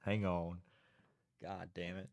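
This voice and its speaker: A man's voice: deep voice, level tone, slow, muffled recording. A man hosting a casual livestream, chatty and giggly, stalling and restarting between laughs. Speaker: livestream host.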